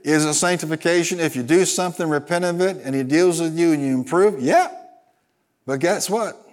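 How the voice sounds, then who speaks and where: A man's voice: on the high side, fairly quick. A man preaching a sermon as pastor, telling stories with a laugh and calling the congregation to answer back. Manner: calls for congregation responses, storytelling with laughter.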